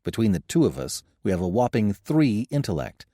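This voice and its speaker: A man voicing a young male adventurer, sarcastic and joking, keeping steady in danger. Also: fairly low pitch, fairly quick, no echo, clean studio sound. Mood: urgent.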